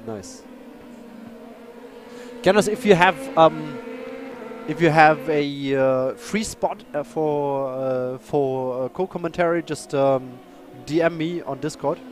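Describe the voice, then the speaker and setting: Guy commentating a live sim race, a bit high-pitched, rambly, gets hyped fast. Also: a little hiss or hum. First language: German. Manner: chatty, excitable, apologetic, rambling with restarts.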